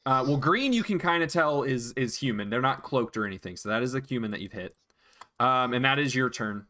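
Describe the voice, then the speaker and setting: A man's voice: medium pitch, lively intonation, a little fast, sharp tone. A man acting as dungeon master, patiently explaining rules and counting out moves in casual chat. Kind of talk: narrating a tabletop game.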